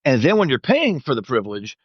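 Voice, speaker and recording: A man talks as a podcast guest and financial coach, animated as he tells stories about clients. His middle-pitched voice has a dry, slightly muffled, lo-fi sound. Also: quick pace, breathy edge, dry recording. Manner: animated storyteller who acts out client dialogue. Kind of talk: podcast interview conversation.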